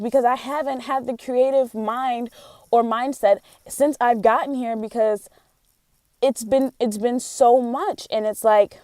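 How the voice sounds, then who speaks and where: A woman's voice: a little high, dark tone, no echo. A young woman, a college theater student, talking candidly in a casual vlog as she vents her frustrations. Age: young adult.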